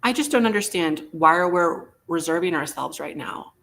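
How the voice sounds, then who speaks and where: A man's voice: on the high side, animated, normal speed, creaky, pushed and bright. A man hosting a live online vintage sale, taking bids and joking playfully with a theatrical manner. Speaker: live auction seller.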